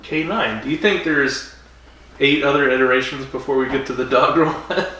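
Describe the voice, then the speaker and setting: A man's voice: medium pitch, moderate pace, pushed and bright. Jokey guy cracking wise, far from the mic, echoey room with hiss behind. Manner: teasing, jokey, laughs often. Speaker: podcast co-host. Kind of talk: casual banter. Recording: echoey room, distant mic, background noise.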